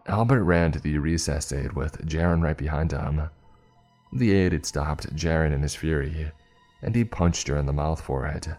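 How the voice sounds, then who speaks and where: Brief: male narrator with an extremely deep voice, measured and tense, faint music under him. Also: darkish tone. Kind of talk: first-person scripted story narration.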